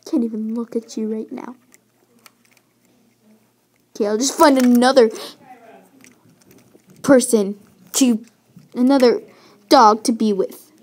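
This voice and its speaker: A woman voicing a meek boyfriend dog who talks softly and pleadingly. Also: on the high side, fairly even intonation, slow, pauses often, pitched below the performer's own voice. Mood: hurt. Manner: soft, pleading, half-whispered.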